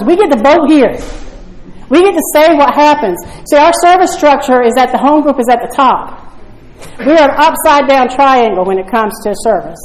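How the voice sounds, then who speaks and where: A woman shares her personal story with a meeting in a blunt, conversational way, often turning to the room with a "right?". Her voice sits a little high, and the recording carries the echo of a large meeting room. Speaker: speaker at a recovery meeting. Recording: echoey room.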